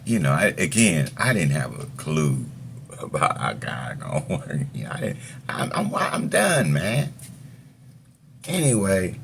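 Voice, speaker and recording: A middle-aged man with a very low, gravelly voice tells his story in loose, profane street talk. He rambles with plenty of fillers and slips small laughs between phrases. Faint noise sits under the voice. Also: fairly bright tone. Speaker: storyteller recounting his past. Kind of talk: casual personal storytelling.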